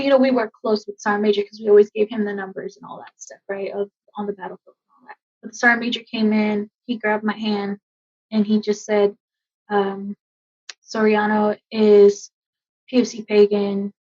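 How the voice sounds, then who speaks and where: The dull lo-fi audio features a female army veteran in her thirties recounting something personal for a podcast interview. She sounds emotional and halting, leaning on fillers, with a mid-range, slightly rough voice.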